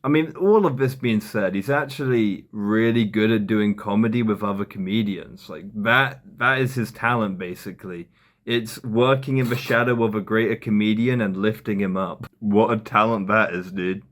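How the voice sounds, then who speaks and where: A man's voice: fairly low pitch, normal speed, fairly bright tone. A man delivering sarcastic, mocking commentary on a podcast clip for a comedy video. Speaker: commentary YouTuber.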